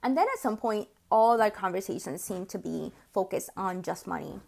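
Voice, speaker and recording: A woman's voice: mid-range voice, expressive, moderate pace, creaky, darkish tone. A woman in her forties hosting a podcast, telling personal stories in a chatty, casual way and sometimes swearing. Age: 40s. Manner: chatty, acts out quoted voices, swears casually. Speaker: podcast host and consultant. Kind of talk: casual storytelling monologue.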